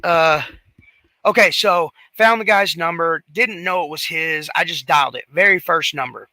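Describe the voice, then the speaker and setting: A man's voice: a little high, normal speed, pushed and bright, no echo, rough recording. A man co-hosting a casual talk show, telling a rambling story with lots of restarts and fillers. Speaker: podcast co-host.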